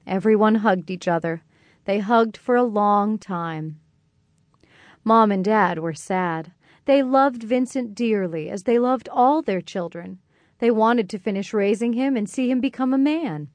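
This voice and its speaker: A woman narrating a children's audiobook in a gentle, clear and expressive way. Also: mid-range voice, a little slow, no room sound.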